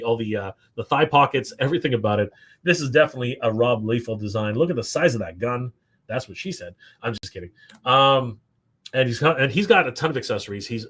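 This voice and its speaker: A man hosting a live stream, rambling excitedly with lots of fillers and restarts. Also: mid-range voice. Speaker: toy show host. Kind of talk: casual live-stream commentary.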